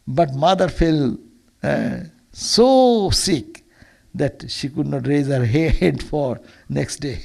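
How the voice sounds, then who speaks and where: Gravelly-voiced monk telling a sermon story. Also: male voice, fairly high pitch, lively intonation, takes it slowly, a little mellow. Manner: earnest, with frequent restarts and repeated words. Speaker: monk giving a Sunday lecture.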